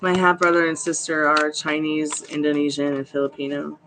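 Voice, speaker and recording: A woman's voice: low voice, little pitch movement, normal speed, noisy background. A woman hosting a live tarot reading stream, chatty and reassuring as she greets viewers by name. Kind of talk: casual live-stream chat.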